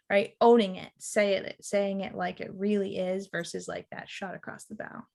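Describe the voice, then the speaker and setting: A woman's voice: mid-range voice, level tone, moderate pace, creaky, few pauses, darkish tone. A middle-aged woman, a relationship mentor, speaking thoughtfully as a podcast guest and acting out little quoted lines. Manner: thoughtful, reflective, restarts and acts out quotes. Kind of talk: casual interview chat.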